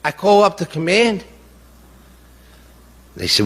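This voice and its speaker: A man's voice: on the low side, expressive, unhurried, a bit bright. A middle-aged man, a grieving father, giving an impassioned, indignant public speech that rambles with many asides and repetitions. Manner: indignant, impassioned, repeats himself; rambling with many "you know"s. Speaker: bereaved father speaking at a press event. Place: large hall at a press event. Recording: echoey hall with long reverb.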